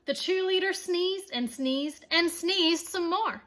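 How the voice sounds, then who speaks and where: Lady reading a kids book out loud, high bright voice, slow and playful. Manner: expressive, playful storytelling with asides to listeners. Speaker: children's book reader. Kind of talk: storybook read-aloud for children.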